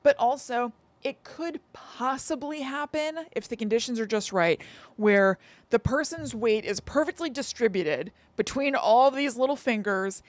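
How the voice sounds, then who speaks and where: A woman's voice: a little high, measured pace, dry recording. A woman co-hosting a podcast, chatting casually and reading an old text aloud, correcting herself and giggling. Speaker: podcast co-host.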